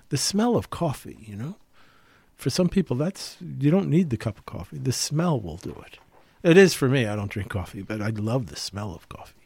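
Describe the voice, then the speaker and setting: A man's voice: medium pitch, sing-song, normal speed, gravelly, darkish tone, breathy edge, no room sound. A man co-hosting a casual podcast, musing aloud with many fillers and rhetorical questions. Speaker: podcast co-host.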